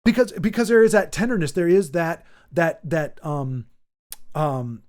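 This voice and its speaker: High-voiced man rambling off the cuff. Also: expressive, unhurried, darkish tone. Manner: rambling, full of restarts and fillers. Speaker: channel host. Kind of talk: off-the-cuff commentary rant.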